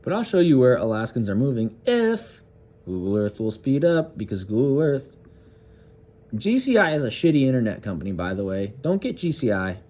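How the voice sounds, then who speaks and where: A man hosting a political commentary channel reads a news piece aloud, halting and restarting, and stops for crude, sarcastic jabs. He speaks at medium pitch, very animated, with a dark tone.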